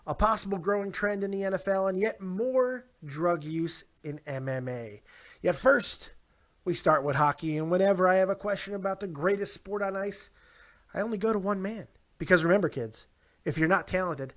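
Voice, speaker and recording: High-voiced upbeat male sports host. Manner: upbeat, jokey, brings in the guest with hype. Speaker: podcast host. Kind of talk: casual sports talk show. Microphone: Skype call.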